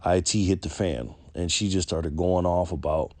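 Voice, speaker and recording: A man's voice: deep voice, fairly even intonation, normal speed, darkish tone, dry recording. A man vlogging, telling a story casually and loosely, with lots of ums and restarts. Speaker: political vlogger.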